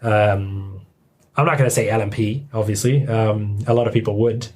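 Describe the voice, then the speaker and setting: Guest, man, low husky voice, unhurried and rambling. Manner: relaxed, hesitant, many fillers. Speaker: podcast guest. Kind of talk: casual podcast chat.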